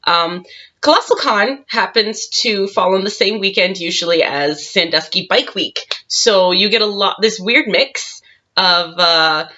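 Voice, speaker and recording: Brief: chatty woman cosplayer recounting a story, frequent laughs, bright tone, muffled recording. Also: medium pitch, unhurried. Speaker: cosplayer telling a convention story. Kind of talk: casual storytime vlog. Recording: dull lo-fi sound.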